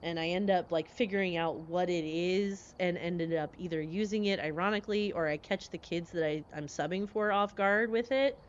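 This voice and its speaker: A woman's voice: fairly low pitch, normal speed, few pauses, a little hiss or hum. Chatty woman streamer on a dull mic. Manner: chatty, animated, reads and answers chat, often laughs. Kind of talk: casual live-stream chat with viewers.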